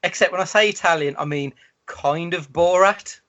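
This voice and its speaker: A man's voice: sits high, normal speed, a bit bright. A man co-hosting a podcast, riffing on a film with wry, sarcastic remarks. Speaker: podcast co-host. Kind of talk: casual film-review chat. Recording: dull lo-fi podcast audio.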